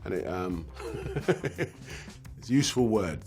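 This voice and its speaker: A man with a British accent casually explaining slang to camera, relaxed and chuckling, with drawn-out explanations. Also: deep voice, faint music behind. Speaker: slang explainer in a video clip.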